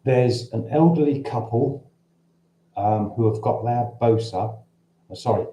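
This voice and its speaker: A man's voice: mid-range voice, measured pace, dark tone. A man with a Cockney accent, originally from London, hosting a casual livestream and answering viewers' questions in a rambling, conversational way. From London, England. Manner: rambling and conversational, frequent restarts. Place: at home in central Portugal. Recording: roomy echo.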